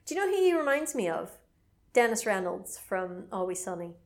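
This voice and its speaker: A woman's voice: mid-range voice, a little fast. A woman, casually retelling a film plot on a podcast and swearing freely. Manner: animated storyteller, swearing and bursting into mock voices. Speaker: podcast co-host.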